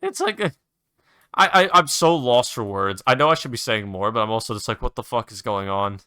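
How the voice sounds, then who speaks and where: A young man rants casually as the host of his own show, rambling and exasperated, swearing often. His voice is bright and a little tense, sitting at an ordinary mid pitch. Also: animated, fairly quick, clean tone, no room sound, clean studio sound. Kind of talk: casual ranting while gaming.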